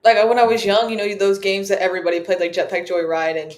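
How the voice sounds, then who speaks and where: A woman's voice: medium pitch, level tone, fast. A young woman guest in a casual interview chat. She talks candidly and pokes fun at herself. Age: young adult. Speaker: guest, soccer player.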